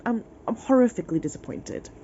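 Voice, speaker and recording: A woman's voice: fairly high pitch, dark tone, slight background noise. Sniffly, exasperated woman ranting from bed. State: sick and sniffling. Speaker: book vlogger. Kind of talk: casual reading vlog rant. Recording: dull lo-fi recording.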